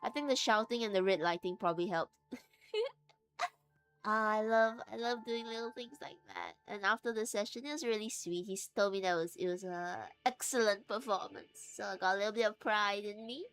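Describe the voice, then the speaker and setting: Brief: woman streamer, casual chatty talk, frequent laughs and restarts, soft music behind. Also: mid-range voice, normal speed. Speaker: streamer and game master. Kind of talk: casual stream chat while sewing.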